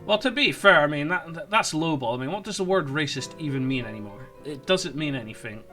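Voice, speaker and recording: A man's voice: on the high side, animated, a little fast, bright, forceful tone, faint music behind. A man ranting sarcastically in an online commentary video, with stumbling restarts. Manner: sarcastic, mocking, rambling. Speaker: political commentator.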